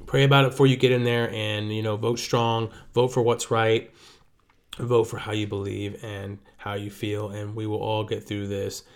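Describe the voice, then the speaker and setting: A woman co-hosting a casual podcast, speaking in a relaxed, brief way and adding short agreements. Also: extremely low pitch, normal speed. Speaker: podcast co-host.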